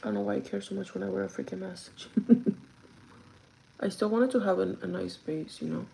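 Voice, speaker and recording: A woman's voice: medium pitch, fairly even intonation, normal speed, gravelly, dark tone, a little hiss or hum, low-quality recording. A young woman chatting casually while getting ready, cursing freely and laughing often. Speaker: vlogger. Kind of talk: casual get-ready-with-me chat.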